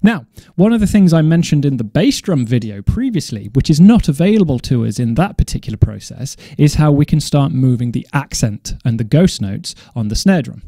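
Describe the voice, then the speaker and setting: A man teaching drum coordination in a measured, methodical way, now and then correcting himself as he explains. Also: medium pitch, very animated, warm tone, no echo, clean studio sound. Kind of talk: instructional explanation.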